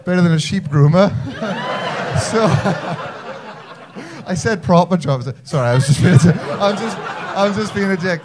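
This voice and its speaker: A man's voice: sits high, expressive, takes it slowly, background noise. A young man from Wales with a North Welsh accent doing a stand-up set in a comedy club, bantering cheekily with the audience and mocking himself. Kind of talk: stand-up set with crowd work.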